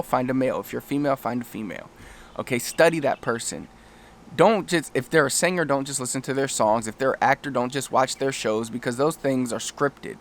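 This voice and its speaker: A man speaking with a middle-range pitch, giving travel language advice off the cuff. He talks in a loose, rambling way, restarting sentences and slipping into quick acted-out quotes. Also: fairly bright tone. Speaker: language coach. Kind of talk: casual talking-head lesson.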